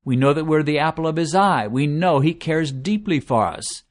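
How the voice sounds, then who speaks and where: A man preaching a sermon in an earnest, measured way, slowing down to stress lists of words. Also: a little high, expressive.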